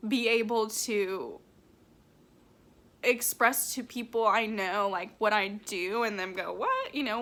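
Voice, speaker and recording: A woman working as a medium, talking emotionally in a vlog, close to tears, halting with many restarts and fillers. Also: a little high, fairly bright tone.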